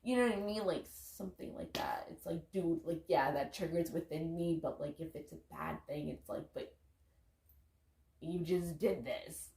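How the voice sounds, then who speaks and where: Gravelly, mellow-voiced woman. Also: deep voice, moderate pace, reverberant. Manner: loose, candid, swears casually, lots of "like". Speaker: vlogger, parent. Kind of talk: casual motivational talk to camera.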